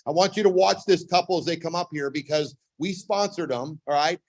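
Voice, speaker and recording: A man with a somewhat high voice works the room as emcee, firing off rhetorical questions to rally the crowd. His tone is upbeat and pushy. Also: a little fast, rough recording. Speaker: event emcee. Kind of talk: hype introduction.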